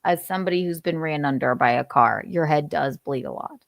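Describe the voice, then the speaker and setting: A woman's voice: low voice, brisk, gravelly, dry recording, clean studio sound. A young adult woman hosting a casual live stream, reading news aloud with frequent laughs and some swearing. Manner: giggly, profane, chatty. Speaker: host.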